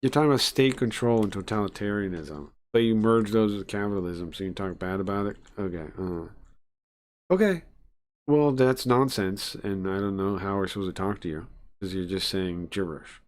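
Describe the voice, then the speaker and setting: A man's voice: fairly low pitch, fairly quick. A man streaming live, reacting to a video with sarcastic, mocking rants. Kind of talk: casual live-stream commentary.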